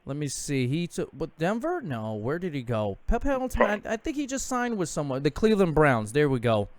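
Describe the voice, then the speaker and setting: A man's voice: a little high, wildly swooping pitch, brisk. Chatty joking young man hosting. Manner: joking, laughs often, chatty. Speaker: host. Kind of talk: casual sports call-in show.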